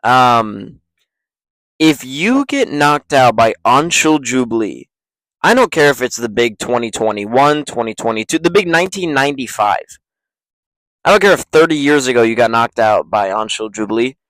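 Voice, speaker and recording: A man's voice: mid-range voice, animated, moderate pace, fairly bright tone, no echo, low-quality recording. A young man talks through fight picks for his MMA channel in a blunt, ranting way and swears freely. His voice sits in the middle of the range for a man. The recording is dry and close, with no room sound. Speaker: MMA YouTuber. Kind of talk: casual fight predictions.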